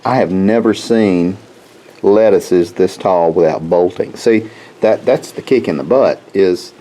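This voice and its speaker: A man's voice: sits low, measured pace, dark tone, low-quality recording. A man giving a folksy, rambling walk-through of his garden, often repeating words as he talks to viewers. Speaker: homestead vlogger. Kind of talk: casual walk-through chat. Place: outdoors in a garden.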